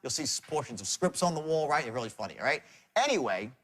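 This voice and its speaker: Animated man teaching sales. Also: mid-range voice, fast talker. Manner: animated, acts out sales calls in shifting tones. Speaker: sales trainer. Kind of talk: seminar lecture on sales.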